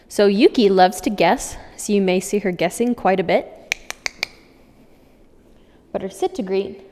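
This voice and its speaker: A woman with a mellow, warm tone explains a dog's training in a friendly, upbeat walkthrough. Her voice carries a long reverb from the room she is in. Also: medium pitch, fairly even intonation, normal speed. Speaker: dog trainer. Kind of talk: instructional demonstration.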